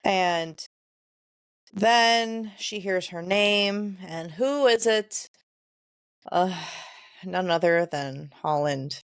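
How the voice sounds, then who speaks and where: A woman's voice: fairly low pitch, drawn-out words, long pauses, clean tone, dry recording, studio quality. A woman co-hosting a podcast, reading book passages aloud and retelling them with casual, chatty asides. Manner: reads excerpts then paraphrases with chatty asides. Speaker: podcast co-host.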